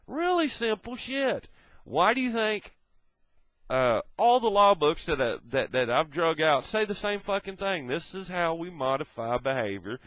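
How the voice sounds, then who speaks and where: A man's voice: a little high, a bit bright, no room sound, poor audio. A man delivering a blunt, profane ranting monologue, lecturing in a swearing tone. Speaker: video blogger.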